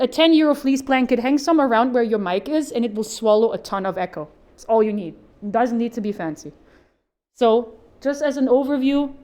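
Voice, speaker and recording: A woman's voice: a little high, warm tone. A woman voice actor giving an informal how-to talk at a convention panel, chatty and upbeat with jokey asides.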